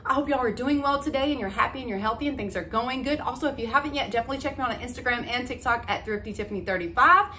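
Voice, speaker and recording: A woman, chatting excitedly to her viewers in a casual haul vlog. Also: a little high, very fast, few pauses, slight background noise. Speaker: vlogger.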